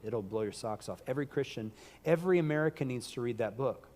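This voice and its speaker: A man preaching a sermon in a church hall, his voice wearing hoarse as he goes. He talks emphatically, with loud bursts, and the room gives his words a long reverberant tail. His pitch sits in the middle range for a man. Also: lively intonation, fast talker. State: losing his voice.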